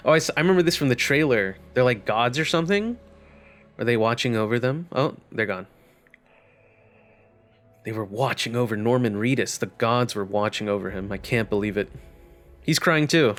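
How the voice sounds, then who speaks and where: A man's voice: fairly low pitch, fairly bright tone, smooth. Young man, let's-play commentary, wry jokes, thinking aloud. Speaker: gaming channel host.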